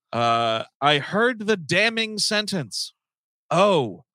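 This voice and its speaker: A man in a casual comedy podcast reads a listener's story aloud, stumbling through fillers. His voice sits a little high, with a bright edge and a lot of swing in pitch. The sound is dry and close. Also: very animated, normal speed, no echo.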